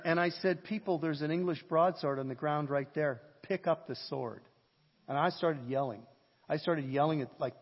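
A man preaching a sermon, telling a story in an animated way, with a husky voice. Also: a little high, moderate pace. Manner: animated, jokes and shouts at peaks. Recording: lo-fi sermon audio with long hall reverb.

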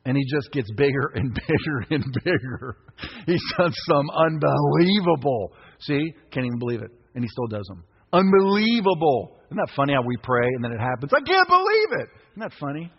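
A man around fifty preaching a sermon as pastor, impassioned, breaking into shouts. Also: mid-range voice, a little fast, creaky, slightly rough. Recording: echoey hall, dull lo-fi sound.

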